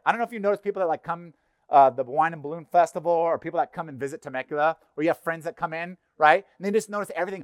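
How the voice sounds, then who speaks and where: A middle-aged man preaching a sermon in a conversational, animated way, acting out little voices. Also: on the high side, no room sound, clean studio sound. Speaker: pastor. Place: church.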